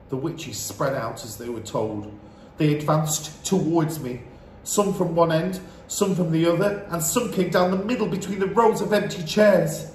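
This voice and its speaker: A man's voice: on the high side, normal speed, darkish tone. A man reading a children's book aloud as storyteller, narrating with dramatic expression. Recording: roomy echo, faint hiss.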